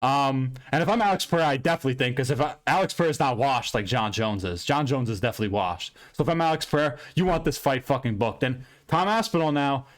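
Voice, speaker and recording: A man hosting an MMA recap channel, ranting loudly and profanely in an unscripted, rambling way. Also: mid-range voice, fast, few pauses. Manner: loud, profane, heated and emphatic; rambling with frequent restarts and fillers. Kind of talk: unscripted fight recap rant.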